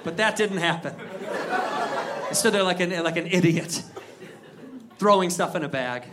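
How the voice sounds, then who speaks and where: Stand-up comic, man, high voice, story-driven, acts out characters; live crowd and room noise behind. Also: moderate pace. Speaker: stand-up comedian. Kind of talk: stand-up comedy set. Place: live comedy venue with audience. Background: audience laughter and crowd.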